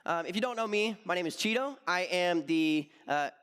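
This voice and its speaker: A man's voice: sits high, lively intonation, moderate pace, fairly bright tone, clear, resonant tone, long reverb tail. A man in his twenties giving a casual youth sermon as associate youth pastor, telling stories animatedly with lots of fillers.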